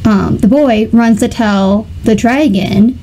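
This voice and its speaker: A woman's voice: a little high, takes it slowly, warm tone, a little hiss or hum, rough recording. A woman co-hosting a podcast, retelling a film plot in casual chat and acting out the characters' lines. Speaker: podcast co-host.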